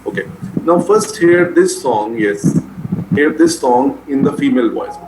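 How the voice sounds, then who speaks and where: A man's voice: mid-range voice, lively intonation, measured pace. Man lecturing in a roomy space. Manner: repetitive, drilling key terms for exams. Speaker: medical lecturer. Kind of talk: classroom lecture. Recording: roomy echo, faint noise.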